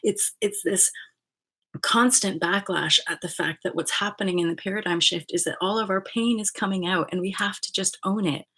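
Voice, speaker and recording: A woman's voice: medium pitch, steady tone, brisk, hardly any pauses, pushed and bright. A woman hosting her own channel, talking in a rambling, casual spiritual monologue full of fillers, restarts and swearing. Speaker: channel host.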